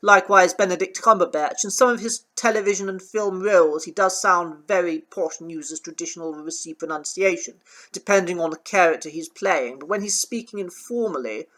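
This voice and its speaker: A man coaching, speaking in a measured, hesitant way with many ums, on an uneven recording. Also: high-pitched, bright, forceful tone. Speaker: accent coach. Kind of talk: relaxed talking-head commentary. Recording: uneven, poor sound quality in parts.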